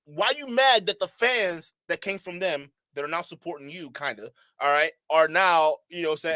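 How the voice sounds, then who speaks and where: A man's voice: on the high side, moderate pace, hardly any pauses, bright, forceful tone, no room sound. A man hosting a reaction stream, talking casually and with exasperation, often stammering and restarting. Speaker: commentary channel host. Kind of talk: reaction commentary.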